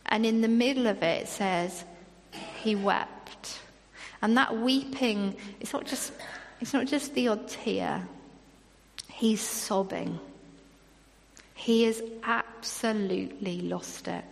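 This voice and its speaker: A woman's voice: a little high, slow, vocal fry, in a large hall, slight background noise. A woman preaching a sermon in an earnest manner, reading scripture aloud between her own remarks.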